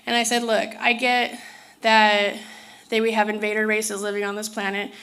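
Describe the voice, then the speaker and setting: A woman's voice: medium pitch, little pitch movement, normal speed, a bit bright. A woman telling a personal story in a casual, rambling way, often restarting her sentences. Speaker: spiritual speaker.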